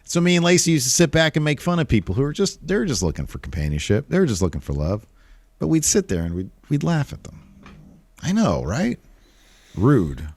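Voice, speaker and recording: Man, thirties, podcast co-host, rambling, lively voice, dry close sound. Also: mid-range voice, a little fast, no echo. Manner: animated, rambling, self-mocking. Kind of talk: casual podcast chat.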